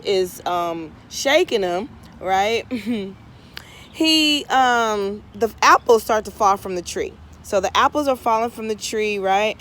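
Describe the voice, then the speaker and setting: A woman's voice: mid-range voice, a bit bright, a little hiss or hum. A woman tarot reader telling a casual story outdoors in her garden, chatty with frequent asides. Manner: chatty, drawling, many asides and "right?".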